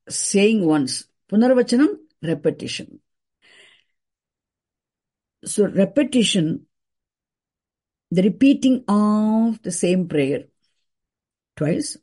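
Slow, low-voiced woman teaching scripture. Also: mellow. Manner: slow, deliberate, repeats key words for emphasis. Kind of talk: explanatory scripture class.

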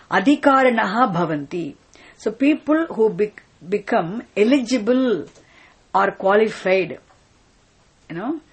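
A woman's voice: medium pitch, slightly rough. A woman teacher explaining a scripture text word by word, patiently repeating terms and checking with her students.

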